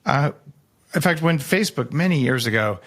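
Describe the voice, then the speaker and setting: A man, a guest author on a podcast, talking casually with animated, jokey storytelling and sudden jumps in pitch. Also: moderate pace.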